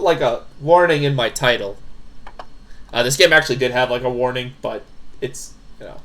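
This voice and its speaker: A man streaming a scary game live, reading the characters' lines aloud in shifting voices, jumpy and quick to swear. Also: medium pitch, a bit bright.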